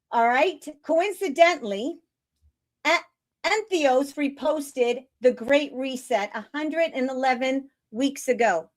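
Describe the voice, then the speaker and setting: Woman livestream host, high voice, gushing and blunt, casual delivery. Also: darkish tone. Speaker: show host.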